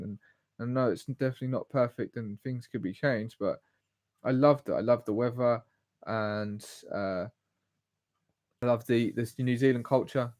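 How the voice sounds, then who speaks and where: A man, talking casually on a solo livestream. He has a mid-pitched voice and drifts off on tangents as he goes. The sound is dry and close. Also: dry recording. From England. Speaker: live stream host.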